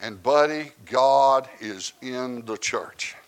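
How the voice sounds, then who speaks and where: A man, preaching a sermon that swings from quiet asides to loud shouted preaching. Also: medium pitch, takes it slowly, clean tone.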